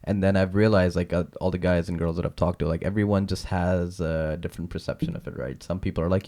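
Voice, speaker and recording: A man with a low, deep voice hosts a casual podcast interview. He is eager and laughs often. His questions run long and loop back on themselves. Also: fairly even intonation, fast, hardly any pauses, dark tone. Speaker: podcast host.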